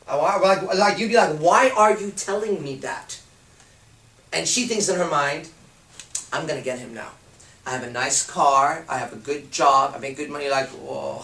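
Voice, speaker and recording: A man's voice: high-pitched, fairly bright tone, echoey room, distant mic, rough recording. A man giving a blunt, profane talk as a pickup coach, acting out bits of dialogue as he goes. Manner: blunt, crude, acts out dialogue.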